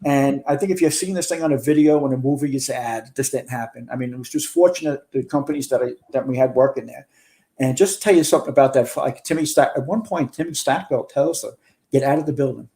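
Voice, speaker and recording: Older man with a mellow, warm voice. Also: mid-range voice, quick pace. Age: 60s. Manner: earnest storyteller, relives events in detail. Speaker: guest, retired fire chief. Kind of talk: recounting a firefight in a podcast interview.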